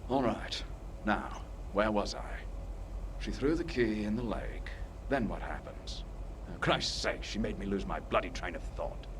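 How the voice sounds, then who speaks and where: A man's voice: lowish voice, measured pace, noisy background, close to an everyday voice. An actor playing a rambling, absent-minded man in a video game who loses his train of thought and mutters to himself. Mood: flustered. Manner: flustered, mutters to himself, mild swearing.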